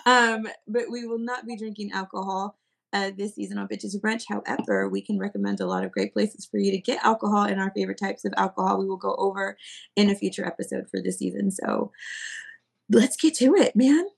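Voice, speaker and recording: A woman with a faintly gravelly, mid-pitched voice hosts a podcast in casual chat. She talks in a bubbly, animated way and breaks into giggles often. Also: fairly quick. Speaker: podcast host. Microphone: streaming podcast mic.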